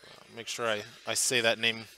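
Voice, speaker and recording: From a booth at the event, a man from the Portland area of the US commentates live on a tabletop tournament match, chatty and thinking aloud with fillers and restarts. His lowish voice is monotone, moderately paced, bright and forceful.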